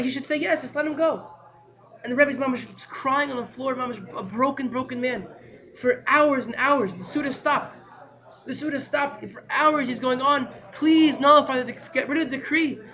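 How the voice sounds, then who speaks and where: A man teaching a class by telling a story in an animated, excitable way, repeating phrases for emphasis. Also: very high voice, brisk, dull audio.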